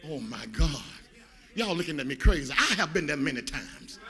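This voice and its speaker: A man pastor preaching a sermon in a sing-song cadence, calling on the congregation to answer back and building to shouts. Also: on the high side, sing-song, moderate pace.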